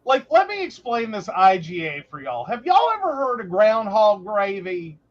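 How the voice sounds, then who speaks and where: A woman co-hosts a relaxed chat and tells stories with real animation, slipping into little voices for the people involved. Her pitch rises and falls a lot. The recording sounds muffled and lo-fi. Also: normal speed. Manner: animated, storytelling with lots of voices. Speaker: podcast co-host, psychic. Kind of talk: casual chat.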